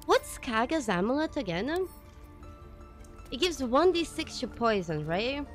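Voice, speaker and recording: A woman streaming a game live, reacting excitedly, swearing, and thanking viewers in casual chat. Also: sits high, measured pace, soft background music. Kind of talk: live gameplay commentary.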